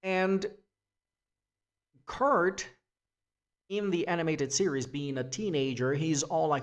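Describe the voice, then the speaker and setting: A man's voice: a little high, fairly even intonation, slow, pauses often. A man giving a free-form spoken essay, rambling with restarts and casual swearing. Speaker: essay vlogger.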